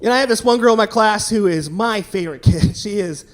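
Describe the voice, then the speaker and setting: A young man performing a stand-up comedy set, telling stories in an animated way and jumping into loud, shouted quotes. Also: sits high, brisk. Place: comedy stage before a live audience.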